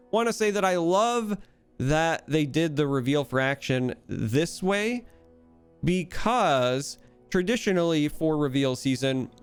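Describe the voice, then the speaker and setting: Speaking with a Midwestern American accent, a man gives casual solo commentary on a card game as a content creator. His slightly high, smooth voice sounds enthusiastic and analytical.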